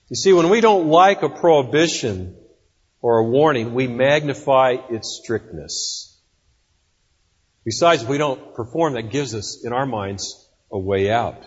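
A man preaching a sermon in a deliberate, emphatic way, acting out the quotes he reads. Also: medium pitch, slightly rough. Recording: dull audio with long reverb in a hall.

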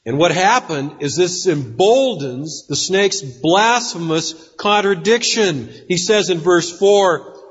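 Husky-voiced man preaching in a reverberant hall. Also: sits high, expressive. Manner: deliberate, emphatic preaching with acted-out quotes. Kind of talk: sermon. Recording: dull audio with long reverb in a hall.

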